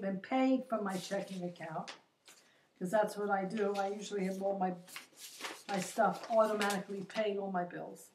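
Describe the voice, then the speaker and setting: A woman's voice: mid-range voice, darkish tone, slight background noise. An older woman vlogging a chatty, exasperated story of her day and quoting the people she met. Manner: chatty, exasperated, quotes others in her retelling. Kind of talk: casual storytelling monologue. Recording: roomy echo, distant from the mic.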